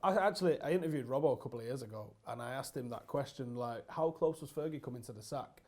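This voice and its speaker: A man's voice: mid-range voice, fast, darkish tone. A young man hosting a casual podcast, chatty and enthusiastic, swearing freely. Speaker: podcast host, grandson.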